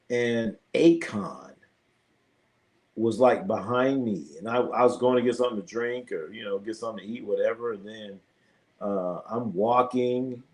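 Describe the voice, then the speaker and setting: Chatting easily with viewers on his live sports stream, a middle-aged man tells colorful, profane stories with plenty of animation. His voice sits in the mid range.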